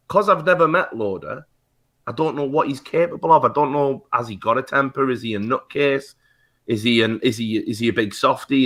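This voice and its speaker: A man's voice: mid-range voice, pushed and bright. A British man telling a heated story on a talk show, swearing often and restarting his sentences. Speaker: guest.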